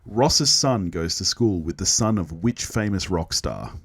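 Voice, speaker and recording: Australian man, lively casual podcast host. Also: low-pitched, a little slow, breathy edge, dry recording, studio quality. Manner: jokey, laughs often, runs a quiz round. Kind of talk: casual chat.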